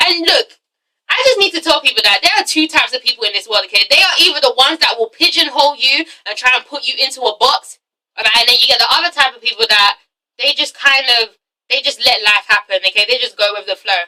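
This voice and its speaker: Sassy swearing woman vlogger recapping a show, high bright voice, a bit far from the mic. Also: fast talker. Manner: sassy and profane, with constant "okay? all right?" tags. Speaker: vlogger reviewing a reality show. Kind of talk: casual recap and commentary.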